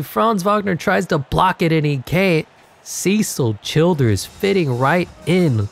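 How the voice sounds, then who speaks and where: Excitable man, congested play-by-play voice. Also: on the high side, takes it slowly, vocal fry, soft background music. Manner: excitable, jokey play-by-play with sudden yells. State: congested, voice wearing out. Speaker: gaming commentator. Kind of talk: live game commentary.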